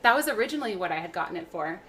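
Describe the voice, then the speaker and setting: Racing through her words, a young woman with a fairly low, bright, forceful voice and lively intonation chats while cooking on a livestream. She's rambling and chatty, full of fillers and restarts, with faint music in the background.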